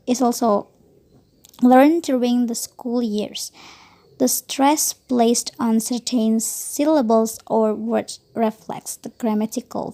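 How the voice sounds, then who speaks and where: A woman lecturer reads textbook material aloud at a slow, deliberate pace. Her fairly high voice has a gravelly, fry-edged texture and a mellow, dark tone. She occasionally stumbles over a word and corrects herself. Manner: slow, careful reading with occasional self-corrections.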